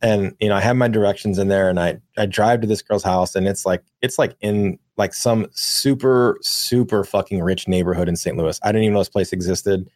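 A young man co-hosting a podcast, telling a long profane anecdote in a rambling, animated way. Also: on the low side, a little fast, few pauses, no echo. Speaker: podcast co-host. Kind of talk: casual storytelling.

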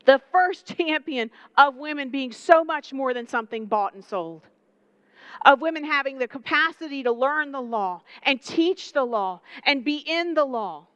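Young woman preacher, high voice, dry and close, chatty and animated delivery with lots of questions to the crowd. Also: clean tone, dry recording, lo-fi sound. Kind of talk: sermon.

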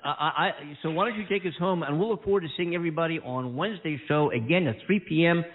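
Excitable rambling man on a tinny line. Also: a little high, quick pace, slight background noise. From California. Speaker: talk show co-host. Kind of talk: casual chat.

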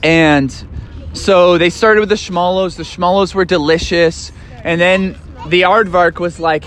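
A man's voice: high voice, fairly even intonation, a little slow, fairly bright tone. Playful man rambling through a bedtime story. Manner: rambling, playful, full of fillers.

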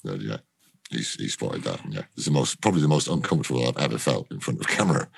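A middle-aged actor telling a rambling, sweary anecdote as an interview guest. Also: male voice, very deep voice, big pitch swings, quick pace, vocal fry, breathy edge. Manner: swears freely, rambling storyteller.

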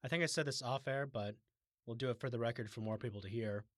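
A man with a mid-range voice who talks casually and shares strong opinions in a relaxed way. He sounds close and dry, with no room echo. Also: mid-range voice, fast talker. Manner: relaxed, opinionated, steering the show. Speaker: podcast co-host. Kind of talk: casual podcast chat.

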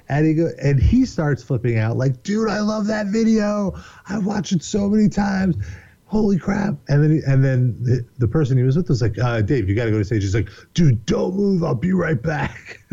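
A man telling a rambling, animated story in casual chat, swearing often and laughing a lot. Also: mid-range voice, highs cut off. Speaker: podcast guest.

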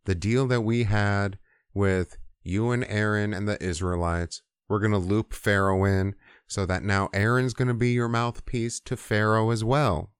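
A man voicing an impatient, bossy male god in a crude comedic retelling, giving flat, profane orders. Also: fairly low pitch, measured pace, clean tone, dry recording, studio quality, natural voice. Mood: exasperated.

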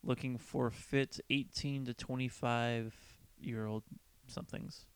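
Brief: male podcast co-host, smooth and crisp, dry close sound, loose chatty delivery with the odd swear. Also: mid-range voice, fairly even intonation, slow, no echo. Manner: chatty, swearing, acts out quoted people. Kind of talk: casual chat.

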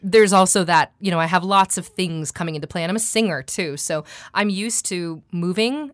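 A woman who is a trained actor and accent coach, chatting animatedly, quick to laugh, and demonstrating sounds as she explains them. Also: on the low side, no room sound.

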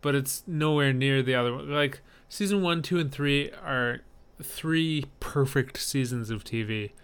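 Guy with a smooth clear voice, mid pitch, matter-of-fact podcast chat with dry jokes. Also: a little slow, a bit bright. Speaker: podcast co-host. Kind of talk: casual chat.

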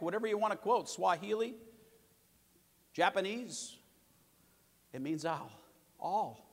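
A fairly high-voiced man preaching to a congregation, hammering home words by repeating them. He swings from forceful, loud declarations to quieter asides. His voice rings with a long church reverb. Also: lively intonation, slow pace, vocal fry, long pauses. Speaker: pastor. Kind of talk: sermon.

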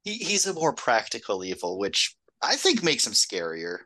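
A man co-hosting a podcast, chatting about a film in a relaxed, casual way. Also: medium pitch. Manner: chatty, quick interjections, laughs along. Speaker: podcast co-host.

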